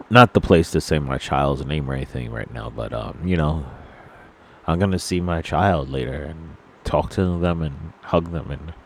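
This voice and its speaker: A man with a very low, deep voice talks straight to his viewers in an unscripted monologue. He is solemn and earnest, and often stops to restart his sentences or reach for words. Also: slight background noise. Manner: halting and solemn, with many fillers and restarts; earnest, sorrowful. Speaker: vlogger.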